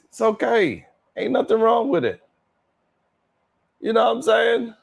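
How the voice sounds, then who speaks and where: A man's voice: very high-pitched, sing-song, unhurried, creaky, breathy edge. Laughing, rambling male livestream host. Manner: laughing, rambling, lots of slang and swearing. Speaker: livestream host reading chat. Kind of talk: casual livestream chat.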